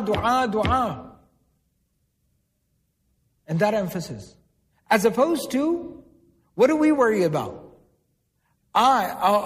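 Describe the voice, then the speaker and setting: A man giving a religious lecture to a live audience, quizzing them and repeating key words for emphasis. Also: sits high. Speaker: religious teacher. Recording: long hall reverb.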